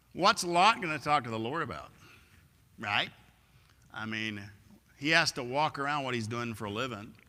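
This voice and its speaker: A man's voice: mid-range voice, bright, forceful tone. A man preaching a sermon in a church, telling a story and acting out its scenes. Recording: echoey church hall.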